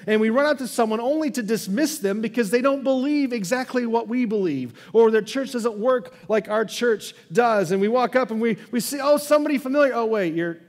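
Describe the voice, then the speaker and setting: High-voiced pastor in a reverberant hall. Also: male voice, darkish tone. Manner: conversational storytelling with repeated restarts. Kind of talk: sermon. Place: church sanctuary. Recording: long church hall reverb.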